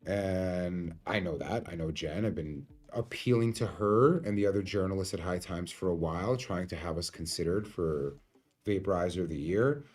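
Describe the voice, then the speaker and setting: A man's voice: low-pitched, normal speed, a little mellow. A man, a company founder telling a candid, emotional story about his company's early days. He swears freely. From New York. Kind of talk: storytelling monologue.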